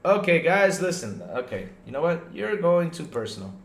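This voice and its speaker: Animated male podcast host, roomy sound. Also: a little high, normal speed, creaky. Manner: animated, talks to chat viewers, lots of "right?" and restarts. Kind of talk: casual livestream podcast chat.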